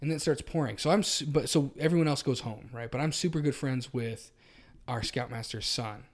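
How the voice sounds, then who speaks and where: A man's voice: mid-range voice, a little fast. A man co-hosting a podcast, telling a long story in a casual, rambling way with frequent restarts. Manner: rambling, self-correcting storyteller. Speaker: podcast co-host.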